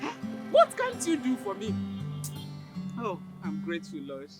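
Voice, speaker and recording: A woman's voice: mid-range voice, huge pitch swings, measured pace, loud music behind the voice. An overjoyed village mother. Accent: Nigerian. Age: older. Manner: exclamatory, breaks into praise and cries. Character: excitable devout village mother, soon a grandmother. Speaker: mother-in-law on a phone call. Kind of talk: film acting.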